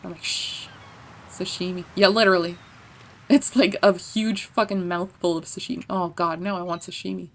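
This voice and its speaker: A woman's voice: fairly low pitch, fairly even intonation, brisk. A woman streamer chatting casually while playing, rambling and playful, swearing freely. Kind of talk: casual gameplay chat.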